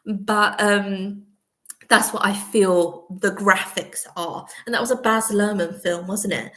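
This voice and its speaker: A woman's voice: medium pitch, fairly even intonation, slow, fairly bright tone. A woman hosting a casual live chat from home, rambling between topics and laughing often. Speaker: vlogger host. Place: at home, indoors.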